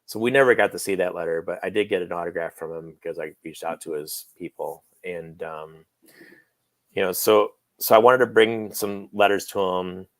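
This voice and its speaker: A man's voice: low-pitched, normal speed, dry recording. A man telling a personal story as a guest on a talk show, rambling, with many fillers, and acting out quoted lines. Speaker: guest, friend of the late actor. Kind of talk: casual interview storytelling.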